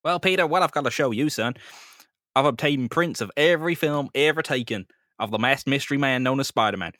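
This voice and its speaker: A man's voice: a little fast, fairly bright tone, no echo, clean studio sound, lightly acted. A man voicing a hearty, overbearing older police captain who drawls and keeps calling people son. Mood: folksy. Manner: booming, drawling, calls everyone son.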